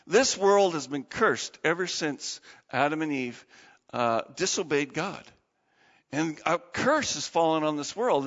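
A male pastor preaching an animated sermon with a high, lively voice that swoops up and down. His sound is dull and hangs in the long reverb of a church. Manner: animated and dramatic, asks the audience questions.

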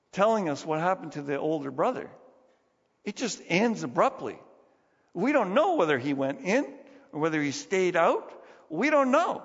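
A man preaching a sermon as pastor, conversational and emphatic, acting out the lines he quotes. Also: high voice. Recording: dull lo-fi sound, long hall reverb.

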